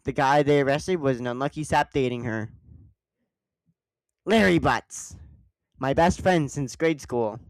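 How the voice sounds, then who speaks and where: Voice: medium pitch, a little slow, pauses often, no echo. A game streamer doing a let's play voice-over, reading the rookie lawyer lines in a nervous voice and joking between them.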